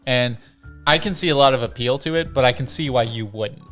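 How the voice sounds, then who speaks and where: A man's voice: medium pitch, a little fast, fairly bright tone. Young guy rambling in casual chat, like like like, faint music behind. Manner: rambling, many fillers and restarts. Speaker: podcast co-host. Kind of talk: casual chat about anime.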